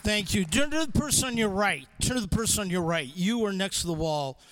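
A man speaking as a guest youth speaker to students, animated and coaxing, calling out prompts for the audience to repeat. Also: high voice, brisk, noisy background. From from the Chicago area. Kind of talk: energetic chapel talk to students.

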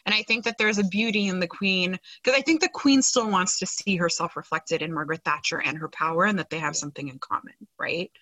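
A woman's voice: medium pitch, fairly quick, few pauses, sharp tone, no echo, poor audio. A woman co-hosting a podcast, recapping a TV episode in casual chat, with many fillers and sarcastic asides. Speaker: podcast co-host.

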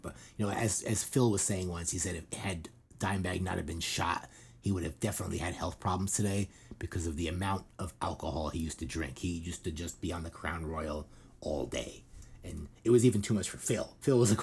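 A man's voice: low voice, moderate pace, creaky, darkish tone, slightly rough. A man hosting a podcast in casual chat, rambling with lots of fillers like "you know" and "uh.". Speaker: podcast host.

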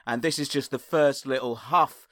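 A man co-hosting a casual comedy podcast, giggly and quick to put on silly voices and sound effects. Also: mid-range voice, a bit bright, dry recording, clean studio sound. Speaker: podcast co-host.

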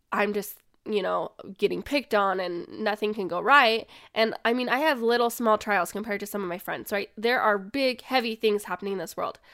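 Woman talking about faith, earnest and chatty, lots of likes, clear smooth voice. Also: medium pitch, a bit bright. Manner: earnest and conversational, with many filler likes. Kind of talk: personal reflective storytelling.

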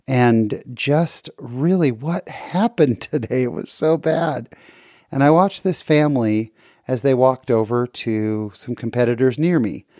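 A man's voice: mid-range voice, dark tone, no room sound, clean studio sound. Earnest middle-aged man telling a story. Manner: earnest, reflective, conversational. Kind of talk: personal story talk.

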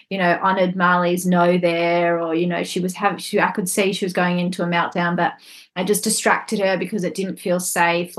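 A woman talks through her experiences as a parent in easy, casual conversation. Her voice sits on the lower side, and her delivery is gentle and reflective, with frequent restarts. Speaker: podcast co-host.

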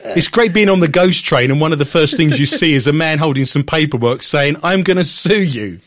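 A man's voice: a little high, a little fast, fairly bright tone, dry recording, clean studio sound. A man from Britain co-hosting a casual chat, reading news aloud and cutting in with sarcastic, mocking asides. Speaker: podcast co-host.

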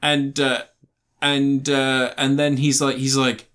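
A man's voice: mid-range voice, monotone, normal speed, a bit bright. A man in casual chat, retelling a film plot with lots of swearing and acted-out lines.

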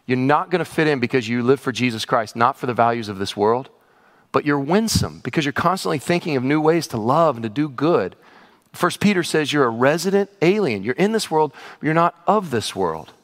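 A man's voice: mid-range voice, animated, brisk. A man pastor preaching a sermon in a conversational way with sudden exclamations, heard in a large church hall. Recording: reverberant hall.

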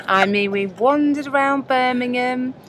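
A woman's voice: sits high, a little slow, crowd noise. A young woman comedian chatting casually as co-host, self-mocking and laughing often, recorded on a moving train at night. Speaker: podcast co-host and stand-up comedian. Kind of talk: casual chat. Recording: background train noise.

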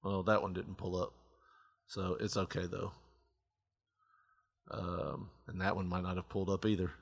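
A man's voice: deep voice, little pitch movement, moderate pace, gravelly, breathy edge, no echo, clean studio sound. A male podcast host in casual, joking chat who laughs often.

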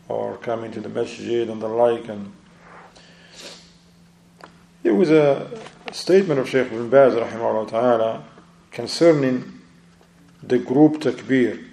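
Calm teacher, man, dark echoey voice. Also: mid-range voice. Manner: explains step by step, checks in with "okay?"; non-native English with Arabic phrases. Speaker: teacher of an Islamic book study. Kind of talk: religious lesson.

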